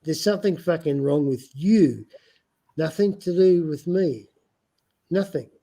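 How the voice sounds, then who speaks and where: Lecturing man with a non-American accent, pushing his point; mellow, slightly higher voice. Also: animated, a little slow. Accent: non-American English. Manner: insistent, lecturing, repeats points. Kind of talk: heated casual argument.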